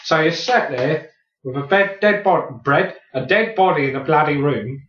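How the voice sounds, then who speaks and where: A man's voice: fairly high pitch, normal speed, a bit bright, reverberant, distant mic. A blustering man riffs through an improvised comedy sketch, sounding set back from the mic. The room rings around his voice. The recording is dull and lo-fi, like an old demo tape. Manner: blustering pub-bloke banter, heavy swearing.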